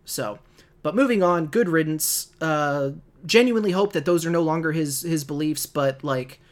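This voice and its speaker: A man's voice: on the high side, moderate pace. A man co-hosting a podcast, ranting hotly and swearing freely in casual chat. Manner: heated, profane ranting. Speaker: podcast co-host.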